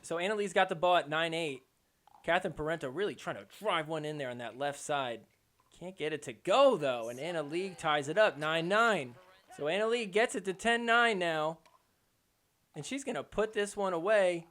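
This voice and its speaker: A man hosting a podcast, giving a casual, excitable play-by-play recap of matches with a joking edge. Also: a little high, moderate pace. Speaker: podcast host. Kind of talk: casual sports recap commentary.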